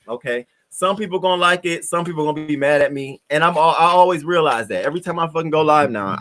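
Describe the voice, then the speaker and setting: Young male streamer, brash and profane, medium-pitched, commenting casually to his live chat. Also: a bit bright. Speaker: livestream host.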